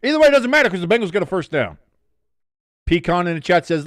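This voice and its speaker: A man's voice: high-pitched, very animated, fast, long pauses, a bit bright, no room sound, clean studio sound. A young man casually commenting on a football game live for a stream, reading chat aloud and swearing freely. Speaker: watch-along streamer.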